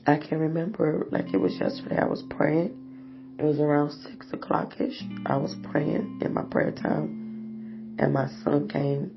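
A woman hosting a personal confessional podcast, talking in a slow, halting, weary way. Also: low-pitched, level tone, gravelly. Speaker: podcast host. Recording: dull lo-fi audio with guitar music.

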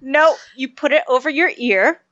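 A woman's voice: sits high, a bit bright, lo-fi sound. Laughing woman at a tabletop game. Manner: laughs often, quick offhand explanations. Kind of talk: casual tabletop role-play.

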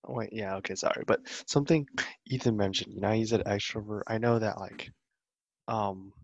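A man co-hosting a casual podcast, talking in a halting way with frequent restarts. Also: fairly low pitch, steady tone, gravelly, muffled recording. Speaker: podcast co-host.

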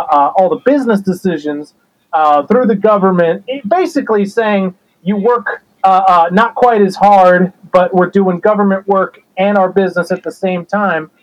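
A man doing a high-voiced resentful black-sheep brother. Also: natural voice, rough recording. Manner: rambling, grudging, aggrieved. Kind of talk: improvised comedy interview.

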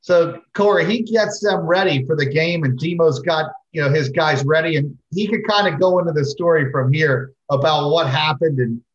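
A man's voice: a little high, moderate pace, few pauses. A man hosting a podcast in a loose, conversational way, leading into segments with plenty of fillers. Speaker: podcast host. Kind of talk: casual podcast chat. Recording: dull, roomy remote audio.

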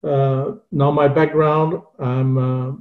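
Older French man, investor, slow and halting, gravelly; lo-fi call audio. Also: mid-range voice, little pitch movement. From France. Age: 60s. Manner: halting, many fillers and restarts. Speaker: investor panelist. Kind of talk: self-introduction on a video call. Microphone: video call.

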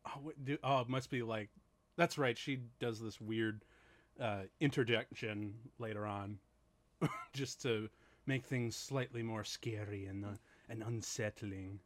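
A man co-hosting a casual chat about a film, laughing often and talking in halting bursts with lots of fillers. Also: on the low side, fairly even intonation. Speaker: co-host reacting to a film.

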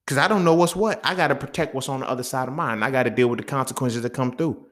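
A man's voice: mid-range voice, fast talker, a bit bright. A man hosting a podcast, ranting heatedly in a casual monologue full of profanity and street slang. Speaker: podcast host.

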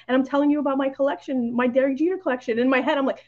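A woman's voice: sits high, racing, few pauses, darkish tone, dull audio. A woman guest on a podcast, telling stories in casual chat, full of "like" fillers and acted-out quotes. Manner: chatty, many "like" fillers, acts out quoted lines.

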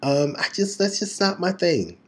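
A man's voice: high voice, sing-song, normal speed, fairly bright tone, husky. A man co-hosting a casual podcast, rambling playfully and correcting himself often. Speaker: podcast co-host. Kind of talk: casual chat.

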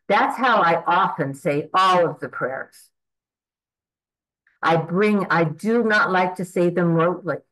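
A woman's voice: fairly low pitch, a bit bright, low-quality recording. A woman in her eighties, earnest and reflective, speaking a prayer aloud to God and reflecting on it. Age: 80s. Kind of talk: spoken prayer and spiritual reflection.

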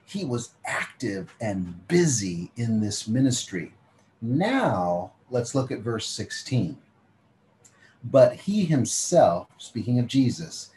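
A man delivers a Bible teaching sermon, reading scripture slowly before explaining it in plain, conversational language and asking listeners to imagine themselves in the story. His voice is fairly low and dark. The low-quality recording carries slight background noise.

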